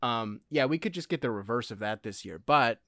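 A man co-hosting a podcast in casual sports chat, animated, with quick asides. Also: mid-range voice, no echo, clean studio sound. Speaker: podcast co-host.

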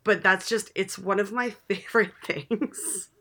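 A woman chatting about an old movie with eager, rambling enthusiasm, often breaking into laughter. Her voice is bright and clear, at a middle pitch. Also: steady tone, unhurried. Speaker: podcast co-host. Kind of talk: casual film discussion.

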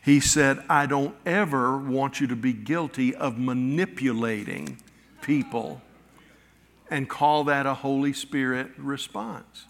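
A middle-aged male pastor preaching a sermon, telling personal stories with halting restarts and acted-out quotes. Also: medium pitch, vocal fry. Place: church sanctuary. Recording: long reverb of a church hall.

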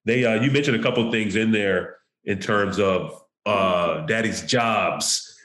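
A low-voiced man hosts the show, nodding along and affirming what his guest says. His voice carries a noticeable room echo. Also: a little slow, a bit bright. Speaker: host. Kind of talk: casual interview talk.

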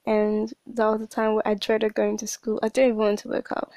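A woman's voice: a little high, completely flat delivery, a little fast, a little mellow, no room sound. A woman in her late teens hosting a podcast, talking through a rambling, emotional personal monologue. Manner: emotional, rambling, with frequent restarts. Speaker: podcast host.

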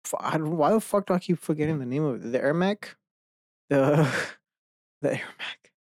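A man's voice: fairly high pitch, lively intonation, a little fast, no room sound. A man hosting a casual solo podcast from his desk at home, talking into a desk microphone, rambling, swearing a lot and laughing mid-sentence. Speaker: podcast host.

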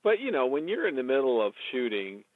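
A man's voice: medium pitch, big pitch swings, brisk, no echo. A man hosting an interview who chats casually and responds briefly and encouragingly. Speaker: podcast host. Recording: dry, phone-like narrow band.

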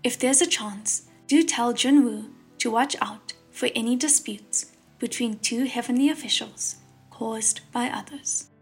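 A woman voicing a gentle, earnest young man's quiet inner thought in an audiobook. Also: a little high, unhurried, slightly rough, soft background music, exaggerated voice.

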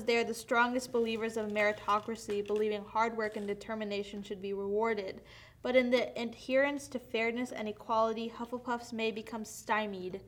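A young woman chatting casually with friends, reading quiz questions aloud and retelling stories loudly and animatedly. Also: a little high. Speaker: quiz reader among friends. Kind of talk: casual chat.

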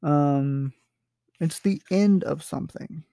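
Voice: medium pitch, slow pace, gravelly, dark tone, dry recording, studio quality. A teacher explaining a short story in a casual, hesitant way, with many fillers and checks for understanding. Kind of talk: literature lesson, explaining a story.

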